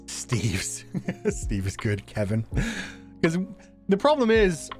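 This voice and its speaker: A male streamer chats casually and jokes, laughing often between thoughts. His pitch is middling but very lively. Faint music plays softly behind him. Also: slow pace. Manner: animated, laughs often, jokey. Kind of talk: casual livestream chat.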